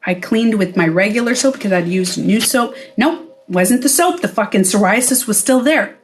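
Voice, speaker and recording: A woman's voice: medium pitch, animated, moderate pace. A middle-aged woman, a former spa owner, talking straight to camera in a casual vlog. She is blunt, swears freely and acts out the voices she quotes.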